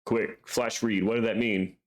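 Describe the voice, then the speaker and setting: A man's voice: on the low side, fairly even intonation, a little slow. A man streaming a visual novel, reading its text aloud and breaking off for crude, joking asides.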